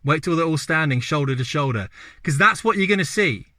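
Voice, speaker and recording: A middle-aged Englishman speaks in an opinionated monologue to camera. He hammers points through repetition and rhetorical questions. His voice sits fairly high with a sharp, tense brightness, recorded dry and close. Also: expressive, a little fast, no echo. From England. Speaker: video host. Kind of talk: opinionated talking-head monologue.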